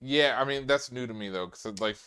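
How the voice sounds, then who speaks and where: A young man from New York talking in a loose, animated way on a casual podcast, full of fillers. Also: medium pitch, brisk, clean tone. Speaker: podcast guest. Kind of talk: casual chat.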